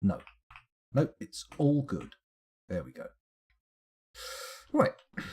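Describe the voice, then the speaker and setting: A man's voice: on the low side, wildly swooping pitch, slow pace, pauses often, dark tone, breathy edge. A man streaming a strategy game live, muttering to himself as he clicks through menus and now and then answering his chat. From United Kingdom. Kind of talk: live gameplay commentary.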